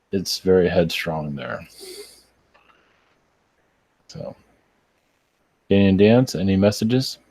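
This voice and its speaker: A man with a deep, low voice answers viewers' questions live as a channeler. He sounds tired and talks in a loose, halting way, with many fillers and restarts. The recording is dry and close. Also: a little mellow, dry recording. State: tired, yawning. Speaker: spiritual channeler.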